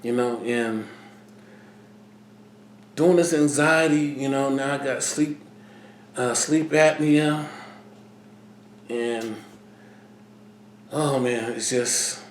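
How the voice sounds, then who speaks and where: A middle-aged man talking earnestly in a personal vlog, halting and repeating himself as he speaks. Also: medium pitch, echoey room, slight background noise. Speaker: vlogger. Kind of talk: personal vlog talk to camera.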